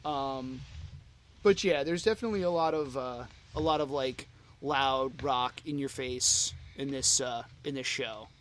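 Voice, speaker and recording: A man's voice: medium pitch, a little slow, a bit bright, a little hiss or hum. A man co-hosting a fan podcast, chatting casually and rambling with lots of "you know" and "like" fillers. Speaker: podcast co-host.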